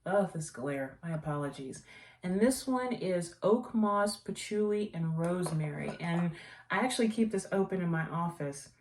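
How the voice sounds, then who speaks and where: A woman with a lowish voice hosts a casual tea vlog, rambling happily and gushing over products she loves. She sits back from the mic, and the room adds a noticeable echo. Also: animated, normal speed, recorded from a distance, slight background noise. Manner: rambling, warm-hearted enthusiasm for products. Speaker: tea vlogger and host. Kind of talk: casual chatty review. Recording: echoey room, voice away from mic.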